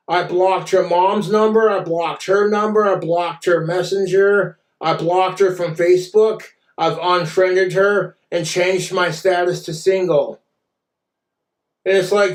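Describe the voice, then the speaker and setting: A man's voice: high-pitched, steady tone, unhurried. A man streaming, ranting bitterly and with exasperation. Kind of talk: angry rant on a stream. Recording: echoey room, far from mic.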